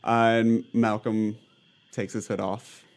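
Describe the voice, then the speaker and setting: A man's voice: fairly low pitch, level tone, slow, smooth. A man running a tabletop game as game master, narrating scenes with frequent fillers. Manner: narration full of uh fillers and laughs.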